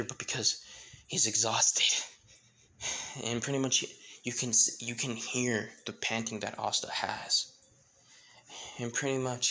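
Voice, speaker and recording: A man recounts a fan-made crossover story at a slow, unhurried pace, leaning on filler words and restarting his sentences as he goes. His voice sits at an ordinary middle pitch, and the delivery stays loose and conversational rather than scripted. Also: bright, forceful tone, poor audio. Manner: rambling, full of "pretty much" and "like", frequent restarts.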